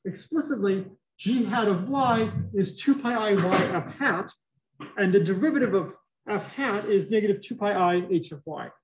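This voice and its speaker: Speaking through a face mask that muffles him, this middle-aged Boston-accented professor delivers a lively, joking university math lecture. His voice sits high, his speed is normal, and there's a slight hiss or hum.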